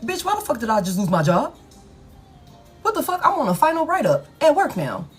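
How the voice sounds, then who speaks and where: A woman voicing a panicked, cursing person in shrill disbelief at losing a job. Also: wildly swooping pitch, a little fast, faint music behind.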